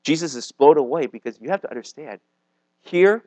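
A man's voice: on the high side, animated, brisk, darkish tone, poor audio. A man, likely a youth pastor, preaching a casual sermon to a young live audience in a conversational way, with lots of "like" and "okay?". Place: meeting room with a live audience.

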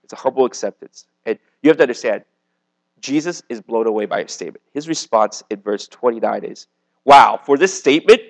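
A man's voice: mid-range voice, a little fast, a little mellow, poor audio. A man, likely a youth pastor, preaching a casual sermon to a young live audience in a conversational way, with lots of "like" and "okay?". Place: meeting room with a live audience.

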